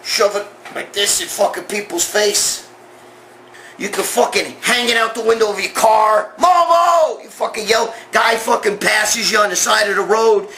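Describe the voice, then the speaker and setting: A man's voice: sits high, fairly even intonation, moderate pace, pushed and bright, a little hiss or hum. A middle-aged man hosting a show, ranting and telling stories in a brash, profane, blunt way. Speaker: host. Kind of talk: profane monologue rant and storytelling.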